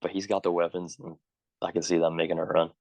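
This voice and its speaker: A man's voice: low voice, flat delivery, quick pace, a little mellow, rough recording. A young man co-hosting a casual sports podcast, tossing in short, wry quips. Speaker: podcast co-host.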